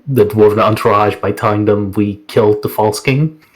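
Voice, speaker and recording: A man's voice: on the low side, steady tone, normal speed, rough recording. A man playing a tabletop role-playing game, chatting casually in a hesitant, rambling way full of likes and uhs. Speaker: player.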